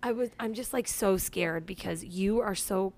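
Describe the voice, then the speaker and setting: A woman in her thirties co-hosting a casual podcast chat, telling animated stories and acting out quotes, swearing casually. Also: mid-range voice, normal speed. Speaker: podcast co-host.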